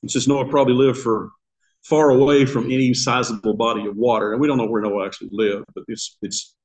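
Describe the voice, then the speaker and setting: A man's voice: mid-range voice, fairly even intonation, brisk, a little mellow, poor audio. Older man teaching a Bible class. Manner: conversational, asks the class questions, chuckles at his own asides. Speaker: Sunday school teacher. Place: church classroom.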